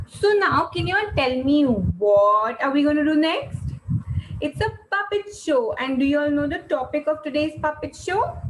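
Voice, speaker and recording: Animated high-voiced woman teaching kids. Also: slight background noise, low-quality recording. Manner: animated, sing-song questions to children. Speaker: online class teacher. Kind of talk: teaching a kids' class.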